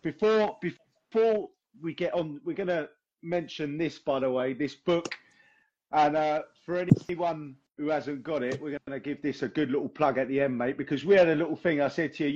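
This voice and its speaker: A hoarse man hosting a podcast, talking matey and sweary over a video call. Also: fairly high pitch, moderate pace, darkish tone, dull audio, a little hiss or hum. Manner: matey, sweary and laughing easily. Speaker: podcast host. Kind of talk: casual chat.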